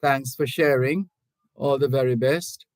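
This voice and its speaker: A middle-aged Jamaican man hosts a call-in radio talk show from a radio studio, reading listener messages aloud into a studio microphone. His medium-pitched voice is steady and deliberate, and he frequently restarts sentences and adds hedging asides. There's no echo, but the audio is poor.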